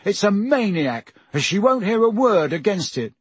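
A man's voice: sits high, very animated, normal speed, slightly rough, pitched above the performer's own voice, full character voice. A male narrator voicing a stubborn, hot-tempered teenage boy who talks bluntly and grumbles. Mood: angry.

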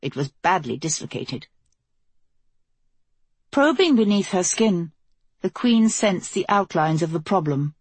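A woman reading a fantasy novel aloud as the narrator, in a steady, measured way. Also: lowish voice, husky, no echo. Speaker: audiobook narrator.

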